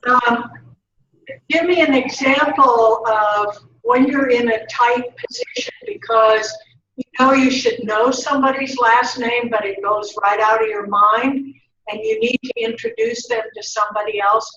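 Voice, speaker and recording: A woman's voice: fairly high pitch, lively intonation, a little slow, a bit bright, echoey room, recorded from a distance, dull audio, slight background noise. A woman in the audience asking the presenter a question. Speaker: audience member.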